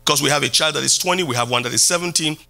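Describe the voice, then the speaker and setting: A middle-aged man, a pastor, preaching a sermon in a church. He repeats key phrases and swings from loud calls down to quiet lines. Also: rapid-fire, vocal fry. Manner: preaching with sweeping pitch jumps and repeated phrases. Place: church hall.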